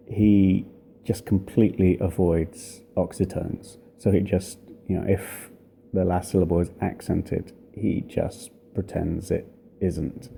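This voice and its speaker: A man giving an informal spoken lesson on church chant, thoughtful and hesitant, pausing often to find his words. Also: low-pitched, vocal fry, dark tone, a little hiss or hum. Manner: thoughtful, hesitant, many pauses and fillers. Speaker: church music teacher.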